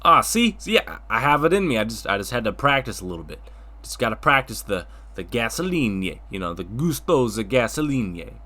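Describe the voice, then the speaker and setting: A man's voice: medium pitch, big pitch swings, normal speed, pushed and bright. A man hosting a comedic talk show as a friendly tractor, stammering and bumbling over names.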